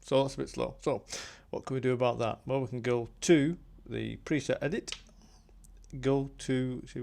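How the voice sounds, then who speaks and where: A man with a gravelly, creaky edge to his voice talks through a hobby synth tutorial. He meanders as he goes, thinking aloud and filling pauses with ums. His pitch sits in an ordinary middle range for a man. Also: steady tone, a little mellow. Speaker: synth hobbyist demonstrating gear. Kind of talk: casual tutorial walkthrough.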